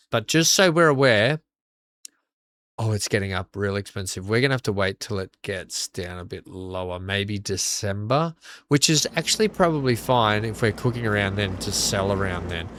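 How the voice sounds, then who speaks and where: An Australian man casually commenting while playing a farming game, joking to himself and his chat. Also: lowish voice. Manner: chatty, self-mocking, talks to himself and his chat. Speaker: gaming video host. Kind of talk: casual let's-play commentary. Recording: steady game vehicle and engine noise behind.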